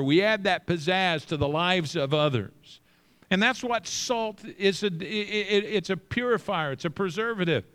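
A middle-aged male pastor preaching with emphasis, slowing down and repeating phrases, dropping his voice low for scripture. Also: fairly bright tone. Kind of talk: sermon.

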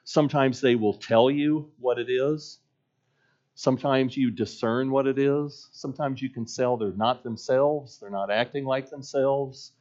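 A man's voice: medium pitch, fairly even intonation, measured pace, a little mellow. An earnest male pastor delivers a sermon in a middle-range voice, weaving a personal story into his message. He builds each point through rhythmic repetition. The recording sounds muffled and lo-fi.

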